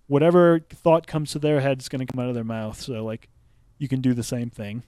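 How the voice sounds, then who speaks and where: A man's voice: medium pitch, steady tone, a little fast, mellow, smooth, no room sound. A man co-hosting a podcast, chatting bluntly and swearing often while he laughs. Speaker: podcast co-host. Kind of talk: casual crude podcast chat.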